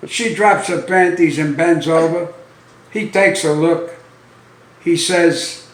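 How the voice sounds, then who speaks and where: Man telling dirty jokes slowly, roomy. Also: a little high. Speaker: stand-up comedian. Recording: roomy sound from a distant mic.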